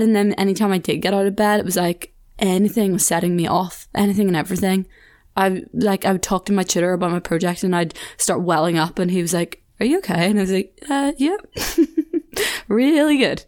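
Young southern Irish woman hosting a chat podcast, lowish voice, chatty with quick asides. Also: a little mellow. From Ireland. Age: 20s. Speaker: podcast host. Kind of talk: casual solo chat.

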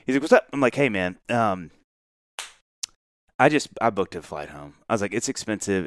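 A man with a fairly low voice tells a story to his co-host, acting out every quote and breaking into laughs. He sounds close to the mic, with no room sound around him. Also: a little fast, dry recording. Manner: animated storyteller, acts out quotes, laughs often. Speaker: podcast co-host. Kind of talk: casual storytelling chat.

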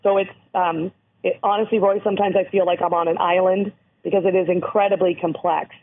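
A woman from Canada with a hoarse voice, speaking earnestly as an interview guest who educates on abuse prevention. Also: fairly low pitch, fairly even intonation, a little fast. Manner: earnest, emphatic, explanatory. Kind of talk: interview over the phone. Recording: tinny phone line.

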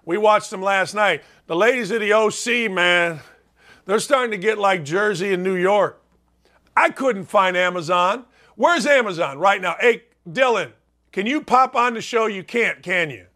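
A middle-aged man hosting a sports talk show, ranting in a loud, animated, self-mocking way and acting out his own quotes. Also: high-pitched, measured pace. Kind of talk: casual sports talk monologue.

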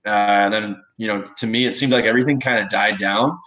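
A young man from Texas, a guest telling stories in a relaxed, casual interview, with many fillers. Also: on the low side, quick pace, poor audio. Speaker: guest, baseball pitcher.

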